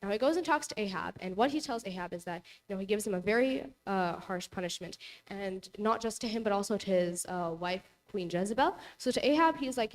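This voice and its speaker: A young woman leads a relaxed Bible lesson in a church hall. She retells the story casually, leaning on "like" and "you know" as she goes. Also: mid-range voice, fairly quick. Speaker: Bible study presenter.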